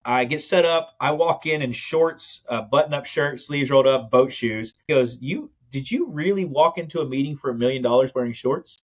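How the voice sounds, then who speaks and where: A man's voice: medium pitch, highs cut off. A man telling his business story in a podcast interview, acting out the quotes as he goes. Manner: fast, animated storytelling with acted-out quotes. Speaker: guest, land investor.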